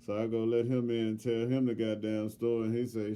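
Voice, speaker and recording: A middle-aged man co-hosting a podcast, telling a story in casual chat with heavy profanity and lively, loud swings when he quotes himself. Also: medium pitch, brisk, clean tone. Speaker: podcast co-host.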